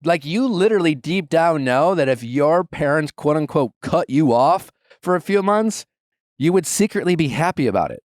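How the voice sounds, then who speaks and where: A man in his thirties hosts an advice podcast, talking bluntly and emphatically and swearing freely in a casual chat. His voice is on the high side and animated at a normal speed, with studio-quality sound and no room sound.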